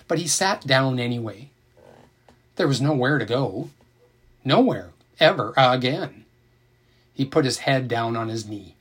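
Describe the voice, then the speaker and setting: A man narrating an audiobook in an expressive, emotional reading style. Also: mid-range voice.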